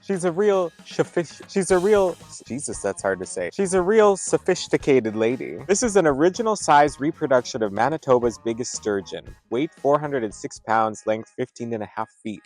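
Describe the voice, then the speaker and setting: A man's voice: mid-range voice, normal speed, few pauses, faint music behind. Male comedy travel vlogger, outdoor roadside shots, hammy delivery full of puns. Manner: punning, exaggerated, bursts of loud excitement. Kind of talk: joke-filled roadside attraction vlog.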